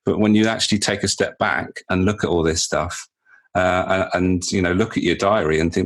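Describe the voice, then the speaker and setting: A man's voice: low voice, fairly even intonation, moderate pace. A man hosting a podcast interview, speaking hesitantly and repeating words as he thinks aloud. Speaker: podcast host.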